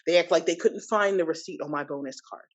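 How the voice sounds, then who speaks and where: A woman in her thirties, a podcast guest, recounting a personal experience in an animated, indignant way with many asides. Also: on the low side, fast, highs cut off. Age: 30s. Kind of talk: personal storytelling.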